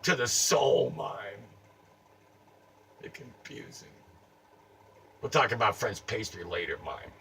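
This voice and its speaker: A man doing an improvised comic monologue, taunting someone in a theatrical voice that swings from mutters to shouts. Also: fairly low pitch, lively intonation, slow, vocal fry, long pauses, husky. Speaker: comedic performer. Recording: distant mic, faint ambient noise.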